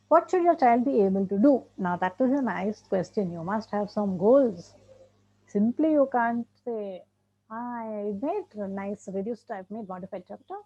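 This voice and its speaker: Raspy Indian English woman lecturing. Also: fairly high pitch, mellow. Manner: emphatic, repeats points, laughs often. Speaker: special education trainer. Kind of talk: lecture to teachers and parents. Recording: dull muffled lecture recording.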